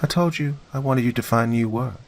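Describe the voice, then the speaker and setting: A man's voice: mid-range voice, fairly quick, a little hiss or hum, voice pushed up, close to an everyday voice. A man voicing a dead wife who speaks sweetly but coldly accuses her husband. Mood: bitter. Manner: sweet turning scornful.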